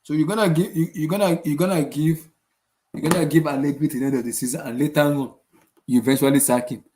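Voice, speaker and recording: A man's voice: a little high, steady tone, fast talker, noisy background. A young man hosting a casual football channel, ranting after a match with exasperated rhetorical questions and lots of repetition. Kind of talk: casual post-match rant.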